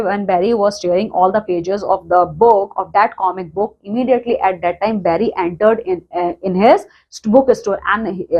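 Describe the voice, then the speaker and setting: A woman teacher explaining a play, restarting often, checking in with "okay?" and paraphrasing each line. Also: medium pitch. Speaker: English teacher.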